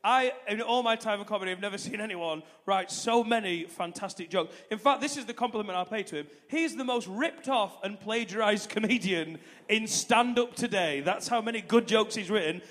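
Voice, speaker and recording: A man compèring a comedy night on stage, loud and excitable, breaking into shouts. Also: high voice, moderate pace. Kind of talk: stand-up compèring. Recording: live room with long reverb.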